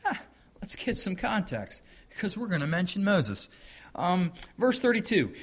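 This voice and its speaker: Emphatic, fairly high-voiced preacher. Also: male voice, sing-song, a little slow. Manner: emphatic, swings between loud declaiming and quiet asides; folksy conversational asides. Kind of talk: sermon with scripture reading.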